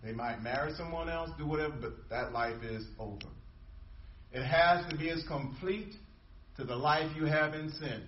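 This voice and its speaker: A man's voice: a little high, normal speed, echoey room, recorded from a distance, lo-fi sound, a little hiss or hum. A male pastor preaching a sermon, emphatic and repetitive, drawing call-and-response from the congregation.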